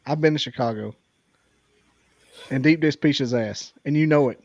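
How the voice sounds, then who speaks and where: A man's voice: medium pitch, slow, darkish tone, dry recording. A man co-hosting a casual podcast chat, rambling and ranting playfully.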